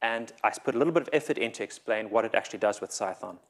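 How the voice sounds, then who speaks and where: A man's voice: lowish voice, racing. A man giving a conference talk, nervous, often stumbling and repeating his words. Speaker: conference speaker. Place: conference hall.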